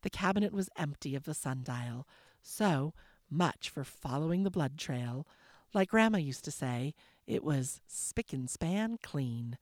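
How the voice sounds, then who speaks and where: A woman host reads a novel aloud in a low voice, steady and clear. She sounds relaxed between chapters, and the close mic sound is very dry. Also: a little slow, no echo. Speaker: host and audiobook narrator. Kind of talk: audiobook narration.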